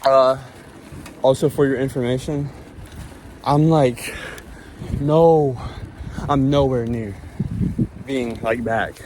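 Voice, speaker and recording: A man talking slowly into his phone while riding outdoors, panicky and rambling to himself, swearing and a little out of breath. Wind rushes loudly over the mic, and passing traffic sounds behind him. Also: mid-range voice, steady tone. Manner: panicky rambling, swearing, anxious self-talk. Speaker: vlogger. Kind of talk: casual vlog while cycling. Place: outdoors on a road at dusk.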